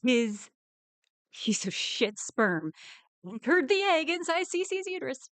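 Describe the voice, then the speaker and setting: A woman's voice: high-pitched, big pitch swings, slow, dry recording. A woman streaming a live reaction, ranting angrily and swearing, with bursts of laughter.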